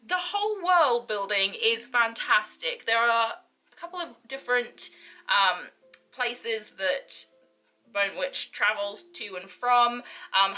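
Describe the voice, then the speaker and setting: Bright, enthusiastic young woman. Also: on the high side. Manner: enthusiastic, gushing, with frequent fillers. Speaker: book vlogger. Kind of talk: casual reading wrap-up chat.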